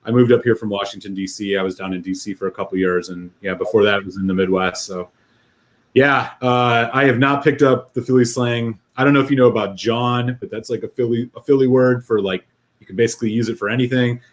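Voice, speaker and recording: Brief: easygoing male guest, mid-pitched voice, casual chat. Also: fairly even intonation, fast. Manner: easygoing, laughs often, many fillers. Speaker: guest whisky reviewer.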